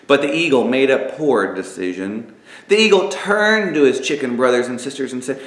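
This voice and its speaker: A man narrating an inspirational story aloud, dramatic and lively, with spoken sound effects. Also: on the high side, moderate pace. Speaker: author and narrator. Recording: echoey room.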